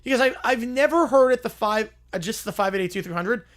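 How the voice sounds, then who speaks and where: A man's voice: extremely high pitch, quick pace, fairly bright tone. A male streamer chatting casually on a live stream. He thinks aloud in an offhand way, with small restarts.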